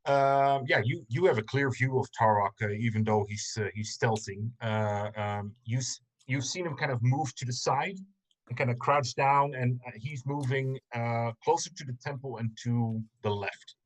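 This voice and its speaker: A man acting as game master in an online tabletop game, speaking in a hesitant, measured way with many ums. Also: mid-range voice. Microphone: video call.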